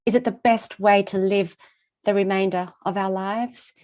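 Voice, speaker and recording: At a conference, a middle-aged woman shares a personal story with an expressive, rhythmic delivery full of repetition. Her voice is mid-range and her pace normal.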